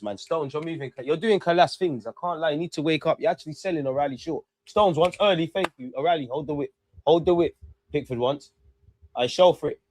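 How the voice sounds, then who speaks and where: A young man talks through a match as it happens, urging players on and cursing the referee. His voice sits a little high. The sound is dry and close, with no room around it. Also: no room sound. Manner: excitable, talks to players and ref, swears. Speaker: football fan streamer. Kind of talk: live match watch-along commentary.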